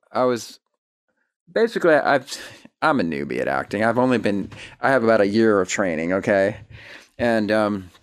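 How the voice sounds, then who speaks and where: Low-voiced eager male interviewer. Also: clean tone, dry recording, studio quality. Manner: eager, chatty, quick asides. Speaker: interview host. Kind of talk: casual chat interview.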